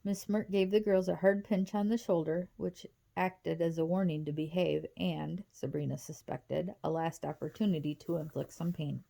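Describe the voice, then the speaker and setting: A woman reading a novel aloud in a steady, even storytelling manner. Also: lowish voice, moderate pace, creaky, hardly any pauses. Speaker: audiobook reader.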